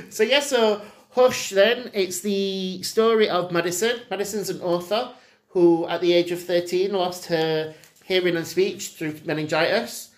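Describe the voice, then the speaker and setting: A woman co-hosting a film podcast, chatty and giggly with quick asides. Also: on the low side, fairly even intonation. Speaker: podcast co-host. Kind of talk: casual film review chat.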